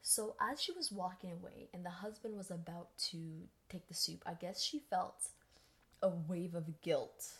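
A woman telling a story in a loose, conversational way. She has a slightly low voice and acts out the people she quotes. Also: moderate pace, a bit bright. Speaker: podcast host. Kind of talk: casual storytelling.

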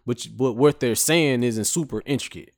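A man's voice: medium pitch, moderate pace, no echo, clean studio sound. A man co-hosting a casual podcast chat, laid-back, often asking "you know what I'm saying.". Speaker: podcast co-host.

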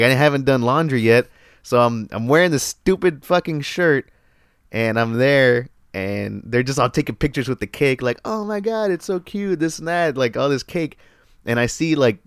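A man telling a story in casual chat, animated and profane, laughing often. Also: medium pitch, moderate pace, clean tone, dry recording, studio quality.

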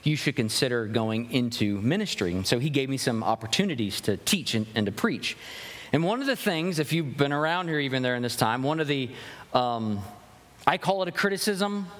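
A man's voice: medium pitch, sing-song, brisk, a bit bright. A young man preaching a sermon as pastor, earnest and full of rhetorical questions, often restarting his phrases. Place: church sanctuary. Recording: long hall reverb.

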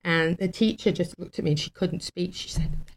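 A woman's voice: fairly low pitch, a little fast. Emotional woman telling a story. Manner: warm and emotional, laughs often, many fillers. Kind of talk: casual storytelling on a talk show.

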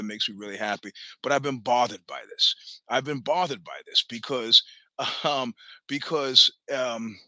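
A man's voice: mid-range voice, sharp tone, dry recording. A man in his sixties hosting a show, telling a long personal story in a rambling, chatty way, full of restarts, stammers and swearing. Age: 60s. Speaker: podcast host.

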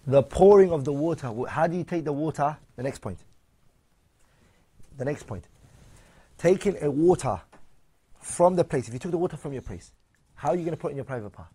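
A man's voice: on the high side, expressive, a little fast, pauses often, warm tone, breathy edge. A man giving a religious lesson, taking points one by one, reading them out and explaining them, often asking his listeners questions. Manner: switches between English and Arabic readings. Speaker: Islamic teacher.

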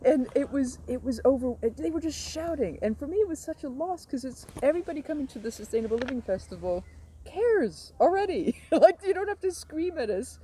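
Female guest, warm mellow tone, faint background noise, lively storyteller who laughs a lot. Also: high-pitched, brisk, rough recording. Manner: laughs often, animated storytelling. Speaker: stand-up comedy teacher, guest. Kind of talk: casual conversation.

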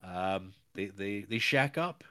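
A man co-hosting a casual film podcast, rambling and acting out characters in quick voices. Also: sits low, expressive, bright, forceful tone, clear, resonant tone, dry recording. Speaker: podcast co-host. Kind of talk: casual chat about a film.

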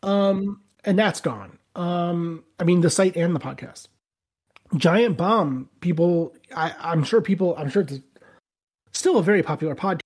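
A man's voice: sits high, unhurried, a little mellow, slightly rough. A man co-hosting a podcast in casual chat, losing his voice, rambling and restarting his sentences. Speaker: podcast co-host.

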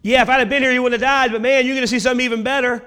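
A man's voice: sits high, moderate pace, fairly bright tone. A man voicing a frustrated male religious teacher in casual modern words. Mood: exasperated. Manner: casual modern paraphrase, exasperated. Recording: long hall reverb.

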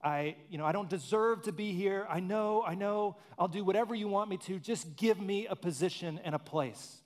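A man voicing a remorseful young son pleading with his father in a halting, broken apology. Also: sits high, voice pushed up, close to an everyday voice.

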